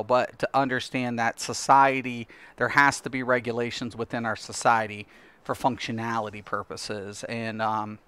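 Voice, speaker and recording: A middle-aged man chats loosely while he plays a game on stream, trailing off and filling gaps with "you know" and "um." His voice is smooth and clear. The sound is dry and close. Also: medium pitch, sharp tone, no room sound. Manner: rambling, many fillers like "you know". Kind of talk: casual chat while gaming on stream.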